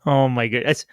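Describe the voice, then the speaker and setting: A man's voice: a little high, fairly bright tone, no room sound, studio quality. A man in a casual podcast chat, sarcastically mocking and imitating officials.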